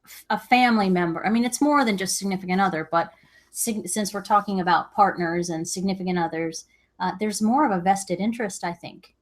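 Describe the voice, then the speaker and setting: A woman's voice: medium pitch, fairly quick. A woman co-hosting a casual live-stream business chat with her husband, thoughtful and rambling with many restarts. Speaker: co-host of a live reselling business show.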